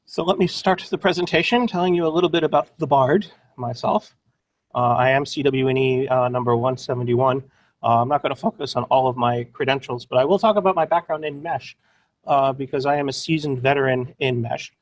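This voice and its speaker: A man's voice: medium pitch, a little fast. A man presenting a webinar in a playful, upbeat, joking way.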